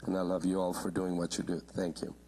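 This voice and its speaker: A middle-aged man giving earnest, halting public testimony at a committee hearing, with many fillers. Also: deep voice, flat delivery, dark tone, a little hiss or hum, low-quality recording.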